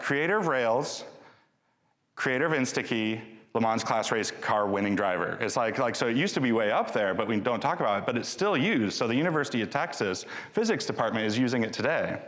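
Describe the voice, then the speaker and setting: A man's voice: mid-range voice, fairly bright tone. A man giving a live conference talk with a demo, chatty and joking, often restarting his sentences. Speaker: conference speaker. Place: large conference hall. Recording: long hall reverb.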